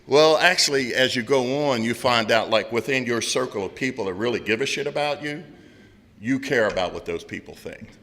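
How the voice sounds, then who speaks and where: A middle-aged man gives a candid recovery share in a loud, blunt storytelling manner. His voice is bright and forceful, and it rings with a long hall reverb. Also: medium pitch, a little fast. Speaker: speaker at a recovery meeting.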